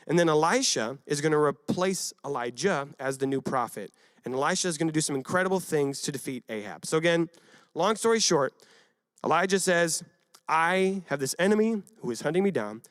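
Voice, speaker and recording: A young man giving a casual youth sermon, retelling a Bible story with lively acted quotes and frequent asides to his listeners. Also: on the high side, a little fast, dry recording, studio quality. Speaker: youth pastor.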